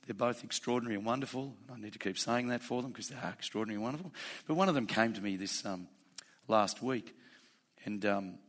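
A man with a fairly low voice preaching to his congregation. He talks plainly and conversationally, then presses his points with growing fervor. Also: a bit bright. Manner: conversational and plain-spoken, rising to fervent emphasis. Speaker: pastor. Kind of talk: sermon.

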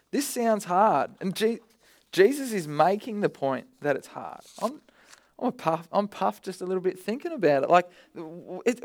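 A man preaching a sermon, conversational with bursts of energy, often repeating words. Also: high voice.

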